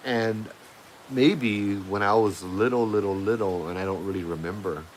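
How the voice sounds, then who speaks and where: A man's voice: on the low side, moderate pace, a little hiss or hum, poor audio. A man hosting a livestream, telling a ghost story in a casual, rambling way with plenty of fillers and restarts. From Hawaii. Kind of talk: casual storytelling to a live chat.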